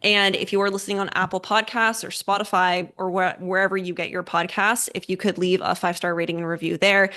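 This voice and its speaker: A woman's voice: lowish voice, level tone, a little fast, hardly any pauses, sharp tone. Bubbly young woman hosting a podcast. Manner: eager, bubbly, with fillers. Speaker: podcast host. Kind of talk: casual interview.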